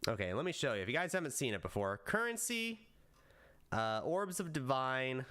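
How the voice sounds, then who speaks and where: Animated young-sounding man streaming casually. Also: moderate pace, smooth. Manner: jumps to high excited bursts, then drops low and mutters; rehearses video lines aloud. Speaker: VTuber streamer. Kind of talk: casual live stream chat.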